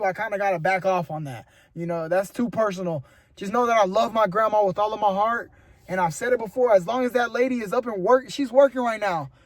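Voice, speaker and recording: A young man talks straight to his camera in a loose, rambling vlog, earnest and encouraging, with "bro" dropped in everywhere. His voice sits high for a man. The recording is dry, with no room sound. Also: no room sound. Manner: earnest and rambling, motivational, says "bro" often. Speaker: vlogger. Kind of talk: casual talk to camera. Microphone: camera mic.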